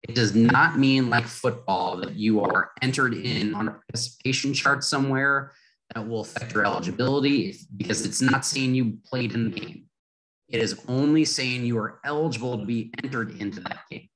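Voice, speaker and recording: A man moderating a webinar Q&A. He explains patiently and repeats points to make them clear. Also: medium pitch, normal speed, a crowd in the background, poor audio.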